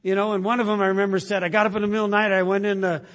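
A man preaching a sermon, moving between loud emphatic lines and hushed, drawn-out asides. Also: high-pitched, little pitch movement, long reverb tail. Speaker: pastor.

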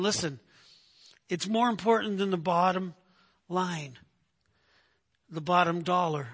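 Emphatic high-voiced male preacher. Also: sharp tone. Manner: emphatic, repeats "right?" to the congregation. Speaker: pastor. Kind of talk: sermon.

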